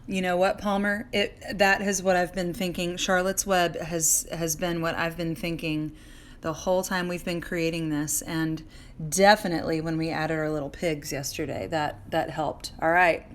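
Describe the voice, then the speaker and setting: A woman's voice: fairly low pitch, little pitch movement, normal speed. Woman, friendly art teacher, drawing lesson on a handheld phone, light background hiss. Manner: chatty, encouraging, talks while drawing and answers viewers by name. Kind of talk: live drawing lesson for children. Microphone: phone held in hand.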